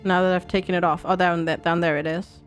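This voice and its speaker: A woman's voice: on the low side, little pitch movement, quick pace, soft background music. A young woman streaming a game, chatting and thinking aloud to her viewers. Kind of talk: casual game commentary.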